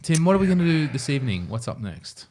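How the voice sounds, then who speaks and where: A man's voice: medium pitch, sing-song, quick pace, a little mellow, a little hiss or hum. A man co-hosting a casual podcast chat over beers, ranting emphatically and swearing freely. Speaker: podcast co-host.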